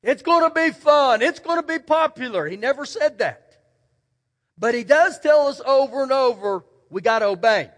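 In a church sanctuary, a male pastor with an extremely high, fairly bright and expressive voice preaches a sermon at normal speed. He is folksy and emphatic, telling stories and repeating key words, and long church hall reverb surrounds him.

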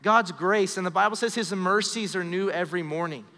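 A man in his thirties preaches with earnest conviction, his voice sitting a little high for a man. His lines ring out into the long reverb of a church sanctuary. He sinks into a soft, hushed tone when a story turns personal. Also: brisk. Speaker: pastor. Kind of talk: sermon. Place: church sanctuary during a live service.

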